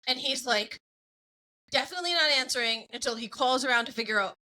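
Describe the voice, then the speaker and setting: Hosting a casual podcast, this woman in her forties speaks bluntly and with energy, often breaking into laughter. She sounds high-pitched, fast, bright and pushed, and the audio quality is poor.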